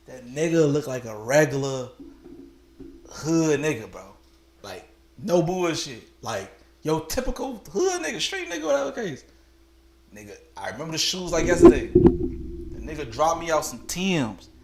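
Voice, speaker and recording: A man's voice: fairly high pitch, moderate pace. A young man streaming, telling a story to his viewers in casual street slang and laughing often. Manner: animated, laughs a lot, slangy street talk.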